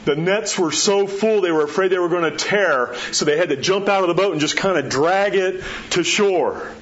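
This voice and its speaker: A pastor giving a sermon in a conversational way, acting out the quotes and dropping his voice low to drive points home. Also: moderate pace, a bit bright. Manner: conversational preaching, acts out quotes, drops low for emphasis. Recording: dull muffled sound with faint background hiss.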